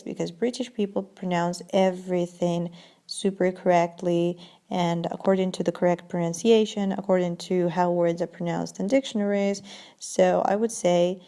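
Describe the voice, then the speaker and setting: A woman teaching an English vocabulary lesson, saying each word slowly and clearly, then translating it. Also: fairly low pitch, dark tone. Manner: slow, deliberate pronunciation drills.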